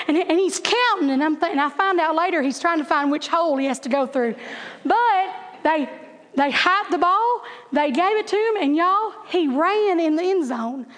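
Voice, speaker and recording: A middle-aged woman, teaching a Bible class through chatty, animated stories with laughing asides. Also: very high-pitched, in a large hall. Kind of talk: storytelling Bible lesson.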